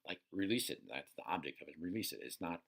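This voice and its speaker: A man's voice: sits low, animated, quick pace, vocal fry, background noise. A man coaching listeners in a casual, unscripted teaching talk, profane and checking in with "right?" often. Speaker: personal development coach.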